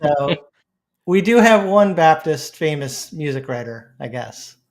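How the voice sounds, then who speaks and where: A man's voice: on the high side, measured pace. A man hosting a podcast, telling funny stories in casual chat with frequent laughter. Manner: laughing, storytelling, relaxed. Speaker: podcast host.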